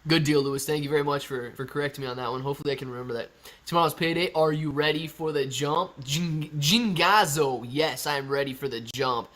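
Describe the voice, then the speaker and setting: A man's voice: medium pitch, fairly even intonation, fast, a bit bright. A young man hosting a live stream, reading viewer comments aloud and answering in a chatty, laid-back way. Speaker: livestream host reading chat. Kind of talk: casual live stream chat.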